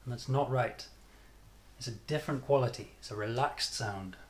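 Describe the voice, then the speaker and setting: A man with a British accent teaching English pronunciation, modelling sounds and stress patterns by repeating them deliberately. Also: medium pitch. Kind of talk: pronunciation lesson.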